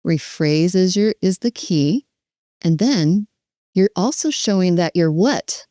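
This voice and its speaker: Brief: woman educator, emphatic and animated coaching, warm low voice, dry close sound. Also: slow, dry recording. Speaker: dementia care educator. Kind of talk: teaching with role-play demonstrations.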